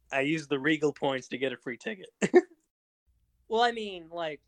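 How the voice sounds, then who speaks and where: A man's voice: fairly high pitch, lively intonation, slow pace, fairly bright tone, no echo. Eager young male film fan. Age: young adult. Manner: eager, fan-like, stumbling over fillers. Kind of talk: casual film chat.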